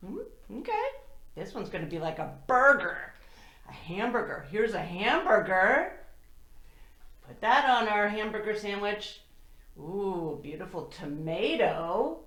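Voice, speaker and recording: Preschool teacher, woman, slow sing-song delivery, echoey room. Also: mid-range voice. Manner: slow, animated and sing-song, speaking to small children. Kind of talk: children's circle-time lesson with songs. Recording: roomy echo.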